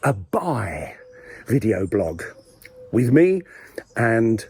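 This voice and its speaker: A man with a husky, slightly breathy voice rambles through a mock-serious monologue. His pitch rises and falls in a lively way as he slips in playful asides. He is talking to camera outdoors. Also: drawn-out words. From England. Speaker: video blogger host. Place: outdoors in a village graveyard.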